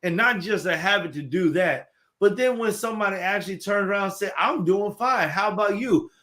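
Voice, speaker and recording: A man's voice: high voice, brisk, sharp tone. A man co-hosting a casual chat, speaking in an upbeat, motivational and playful way. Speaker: co-host.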